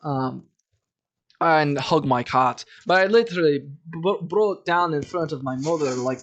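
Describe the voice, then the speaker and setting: A man's voice: on the high side, measured pace. A young adult man hosting his own podcast, telling a long rambling story in a casual, profane, self-amused way. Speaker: podcast host.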